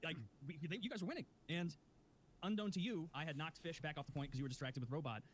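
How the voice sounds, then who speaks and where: Dude telling a gaming story on a podcast, talks quick, faint room hum. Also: male voice, fairly high pitch. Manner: laughing storyteller. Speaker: podcast co-host. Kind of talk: casual chat.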